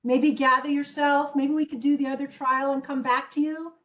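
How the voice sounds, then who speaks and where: A woman presides over a hearing on a video call, firm and measured with a dry sarcastic edge. Her voice sits high. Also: little pitch movement, fairly bright tone. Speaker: judge.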